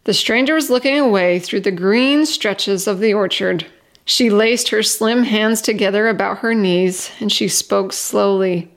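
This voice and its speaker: A woman reading a short story aloud as storyteller, in a steady, expressive voice. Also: medium pitch, measured pace, vocal fry.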